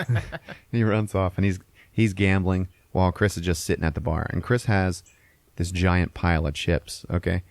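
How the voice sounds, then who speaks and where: A man's voice: deep voice, fairly even intonation, moderate pace, darkish tone, no room sound. A man hosting a podcast, casually retelling a movie scene by scene, acting out lines and swearing often. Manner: retells scenes with acted-out quotes and frequent swearing. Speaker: podcast host.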